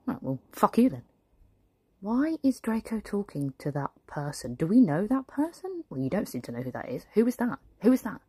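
A woman's voice: mid-range voice, big pitch swings, normal speed, mellow, husky, dry recording. A woman doing a haughty, snobbish society mother who mutters disdainful asides under her breath. The voice sits in the middle of the range and is recorded dry and close, with no room around it. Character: haughty aristocratic mother at a kids' party. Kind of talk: comic sketch monologue.

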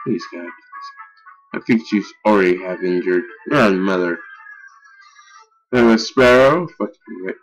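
A young man giving casual gameplay commentary, excitable and easily frustrated, swearing and yelling at his game. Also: sits low, unhurried, long pauses, soft background music, poor audio. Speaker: let's play gamer.

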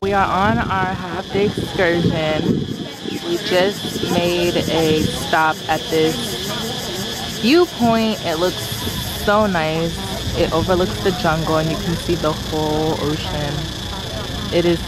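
A young woman vlogging her travels, excitable and nervous, often saying "you guys", filmed outdoors. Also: lowish voice, takes it slowly. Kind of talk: travel vlog chat. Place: outdoors on a trip. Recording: loud outdoor noise.

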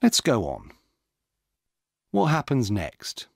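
A man's voice: mid-range voice, huge pitch swings, slow pace, creaky, dry recording, clean studio sound, full character voice. A man reading the part of a male police officer, firm and in charge, giving orders. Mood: steady.

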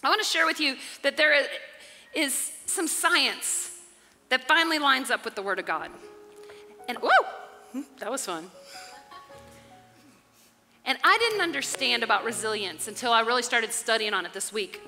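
A woman pastor, preaching a lively sermon that swings from soft talk to shouts, often laughing. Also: fairly high pitch, normal speed, long pauses. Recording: live church hall reverb with music.

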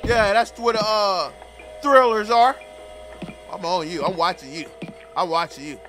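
A young man doing comedic game commentary, loudly roasting the characters in slang. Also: high voice, unhurried, music in the background. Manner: loud trash-talking, roasting characters in slang. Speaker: gaming streamer.

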